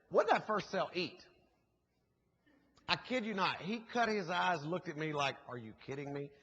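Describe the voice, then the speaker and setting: A man's voice: fairly high pitch, breathy edge. A man, preaching as a guest speaker and telling a story with jokes and asides to the congregation. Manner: animated, jokey storytelling with asides to the audience. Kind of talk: sermon storytelling. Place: church sanctuary. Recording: muffled, echoey church hall recording.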